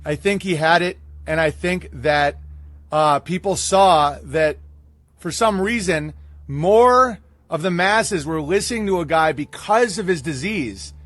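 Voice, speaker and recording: A man's voice: on the high side, unhurried, a bit bright, no echo. A man hosting a reaction commentary video, speaking bluntly and with dismissive sarcasm.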